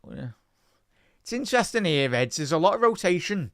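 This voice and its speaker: A man hosting a live football watch-along, giving excitable fan commentary and chatting with viewers. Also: high-pitched, brisk, clean tone, no room sound, clean studio sound.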